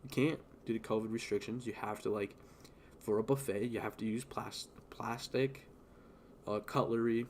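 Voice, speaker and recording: A man's voice: on the low side, fairly even intonation, moderate pace, slight background noise. A young man streaming a game, chatting in a loose, rambling way full of fillers, restarts and swearing. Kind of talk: casual rambling chat while gaming.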